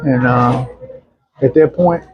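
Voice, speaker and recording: A middle-aged man, an interview guest telling personal stories in a casual, animated way and acting out other people's voices. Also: mid-range voice, slow pace, slightly rough, no room sound. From Arkansas, USA. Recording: dull, muffled lo-fi sound.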